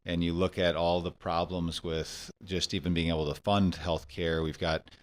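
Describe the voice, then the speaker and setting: A man with a very low voice speaks in an interview, where he works in health tech as an entrepreneur and investor. He asks thoughtful questions that wind on at length. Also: level tone, moderate pace.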